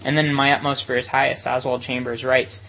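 Guy preaching earnest and thoughtful, bit of gravel in the voice, kinda muffled recording. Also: mid-range voice, level tone, fairly quick. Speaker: retreat speaker for ministry workers. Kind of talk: sermon.

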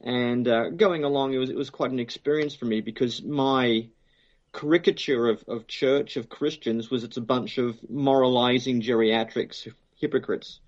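A man's voice: mid-range voice, moderate pace, muffled recording. A man with an Australian accent, a guest theologian speaking casually in an interview, joking and full of fillers and restarts. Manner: relaxed, jokey, many fillers and restarts. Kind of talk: phone interview, casual conversation.

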